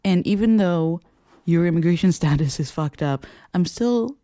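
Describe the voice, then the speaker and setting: A man hosting a casual commentary show, talking in an expressive, sarcastic way, swearing freely and laughing often. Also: fairly high pitch, normal speed, dry recording, studio quality. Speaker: podcast host.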